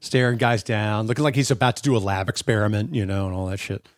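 A man in his forties co-hosting a podcast, telling stories in a casual, animated way, swearing freely and acting out the voices he quotes. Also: fairly low pitch, fast talker, no echo, studio quality. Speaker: podcast co-host. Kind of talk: casual chat.

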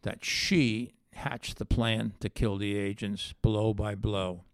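A man's voice: lowish voice, slow, clear, resonant tone, dry recording. A middle-aged man, a former undercover agent, telling his story in an interview and acting out the voices of the people in it. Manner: animated storyteller, acts out quoted voices.

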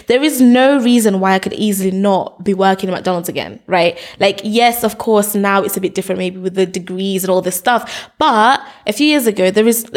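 A woman, a guest in a casual interview, talking animatedly. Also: medium pitch. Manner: animated, acts out quotes in lively voices. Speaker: podcast guest.

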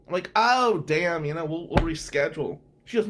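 A middle-aged man hosting a podcast, telling a story in a casual, animated way, acting out both sides of a conversation and swearing now and then. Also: on the high side, moderate pace, creaky, hardly any pauses, background noise. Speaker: podcast host, defense attorney.

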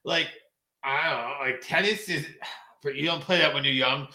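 A man in his forties chatting casually, often pausing and restarting with ums. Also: on the high side, bright, forceful tone. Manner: halting, trails off with ums. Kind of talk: casual chat.

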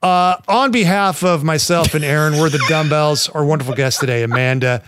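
A man's voice: on the high side, fairly quick, noisy background. A man co-hosting a podcast in casual chat, laid-back and jokey, rambling as he talks. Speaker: podcast co-host.

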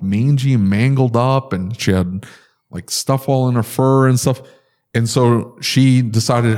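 A man's voice: on the low side, darkish tone. A man telling stories in a casual podcast chat, ranting with exasperation and big jumps in his voice.

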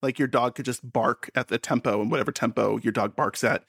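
A man's voice: mid-range voice, steady tone, a little fast, vocal fry, a bit bright, slightly rough, dry recording, clean studio sound. A man co-hosting a casual comedic chat, playful and full of silly wordplay and sing-song riffs. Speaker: podcast co-host.

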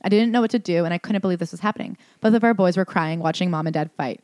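A woman's voice: fairly low pitch, darkish tone, no room sound, studio quality. A woman co-hosting a podcast, reading passages aloud and reacting with sarcastic disbelief. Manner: fast, incredulous, sarcastic. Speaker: podcast co-host. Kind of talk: reading aloud and commenting in casual chat.

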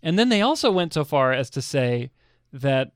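A man's voice: medium pitch, sing-song, normal speed, smooth, no room sound, clean studio sound. An American man co-hosting a podcast, chatting casually, laughing easily and hesitating with fillers. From United States. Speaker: podcast co-host.

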